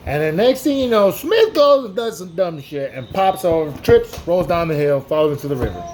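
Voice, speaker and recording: A man's voice: on the high side, animated, normal speed, a little mellow, a little hiss or hum. Rambling, slangy male storyteller. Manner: slangy and rambling, lots of "like" and "dude". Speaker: storyteller host. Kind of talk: improvised casual storytelling.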